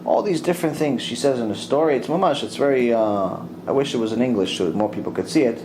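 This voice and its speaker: A middle-aged man, a rabbi, giving a Torah lecture and retelling a story with animated delivery, dropping Hebrew religious terms. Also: medium pitch, fast talker, noisy background.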